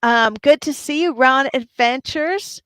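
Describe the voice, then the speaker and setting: Woman host, fairly high voice, dry close sound, chatty and upbeat with chat. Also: unhurried, fairly bright tone, clean tone, no echo. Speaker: livestream host. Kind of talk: casual livestream chat.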